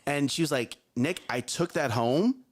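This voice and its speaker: A man's voice: fairly high pitch, a little slow. A man in his thirties co-hosting a morning talk show, telling parenting stories emphatically and often checking in with "okay?". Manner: emphatic, animated storytelling with frequent "okay?". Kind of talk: casual talk show chat.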